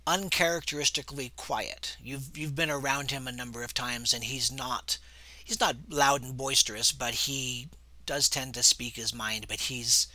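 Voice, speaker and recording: A man narrating a tabletop role-playing game as game master in a relaxed, hesitant way. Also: medium pitch, dry recording.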